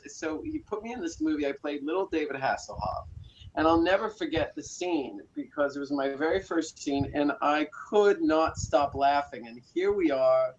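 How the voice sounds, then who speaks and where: A man's voice: on the high side, lively intonation, normal speed, slight background noise. Rambling man from South Africa, muffled. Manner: rambling, with many fillers and restarts. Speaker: guest. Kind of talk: storytelling interview talk. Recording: slightly muffled audio.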